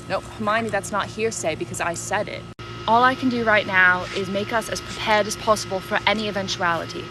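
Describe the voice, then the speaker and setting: A woman's voice: mid-range voice, natural voice, low-quality recording. A woman playing a fussy, know-it-all young witch in a parody video diary, speaking in a prim, matter-of-fact way.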